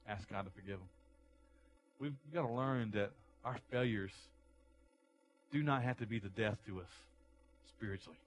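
A man preaching a sermon as a pastor, moving between quiet, low passages and loud, raised delivery, often repeating words as he goes. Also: low-quality recording. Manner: repeats words and restarts phrases while preaching.

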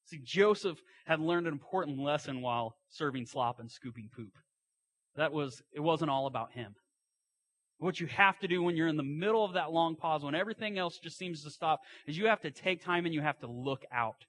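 A man's voice: on the high side, animated, brisk, a bit bright, no echo. A man preaching a sermon, retelling a story in a folksy way with asides and acted-out quotes.

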